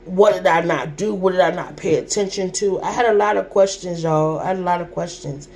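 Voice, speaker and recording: Lower-voiced woman telling an emotional story. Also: brisk, darkish tone, a little hiss or hum. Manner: emotional, repetitive, colloquial and direct to viewers. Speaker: vlogger.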